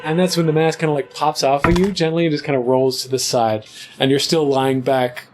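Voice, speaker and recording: A man's voice: on the high side, little pitch movement, a little fast, background noise. A man narrating as game master of a tabletop game in a loose, chatty way with many fillers.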